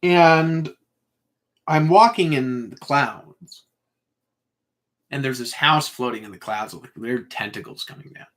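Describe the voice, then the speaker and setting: Guy rambling through a spiritual story, tense bright voice, lots of uhs and likes. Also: mid-range voice, a little slow, pauses often. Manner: loose and meandering, full of fillers like "like" and "uh". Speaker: speaker sharing a spiritual vision.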